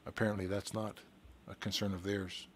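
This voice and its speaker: Hesitant man, fairly low. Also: flat delivery, normal speed, a little hiss or hum. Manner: hesitant, many restarts and fillers. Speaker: town staff member. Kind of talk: council meeting presentation. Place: council chamber.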